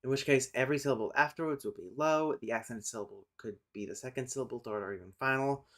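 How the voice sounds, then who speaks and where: Casting note: a man hosting a relaxed livestream, halting and off the cuff, average pitch. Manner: thinks aloud, pauses and restarts, sudden loud calls to his cat. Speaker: streamer. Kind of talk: casual livestream chat and explanation.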